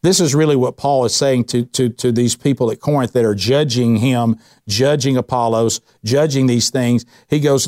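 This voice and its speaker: A man, teaching a men's Bible study in an animated, informal way, often restarting his sentences and slipping into sarcastic quoted asides. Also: medium pitch, normal speed, no echo, studio quality.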